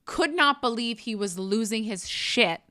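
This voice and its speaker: Bright-voiced woman telling a story. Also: on the high side, a little slow. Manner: animated storytelling, swears freely. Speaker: podcast co-host. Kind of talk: casual chat.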